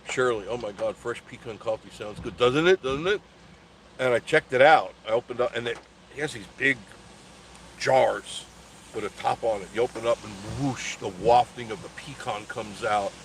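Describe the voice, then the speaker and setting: An older man talks casually on a live stream, rambling from one story to the next and laughing often. His voice sits at an ordinary middle pitch. A faint hiss of background noise runs under the recording. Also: steady tone, moderate pace. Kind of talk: casual live chat reading comments.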